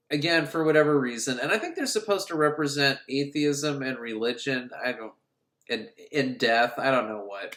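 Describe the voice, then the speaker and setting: A man recaps an old film in a casual, sarcastic way, acting out bits of scenes as he goes. His voice sits a little high and swings lively up and down. The recording has a roomy echo. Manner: sarcastic, animated, acts out scenes. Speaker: film reviewer.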